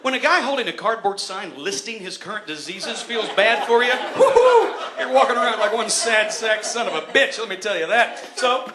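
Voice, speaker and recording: A Southern-accented man performs stand-up with a high, lively voice, swearing freely and acting out bits. The sound is roomy and echoey, as if from a theatre, with loud noise under it. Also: normal speed, few pauses, a crowd in the background. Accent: Southern American. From Tennessee. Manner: animated, profane, acts out voices. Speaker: stand-up comedian. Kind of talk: stand-up routine. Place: theatre stage.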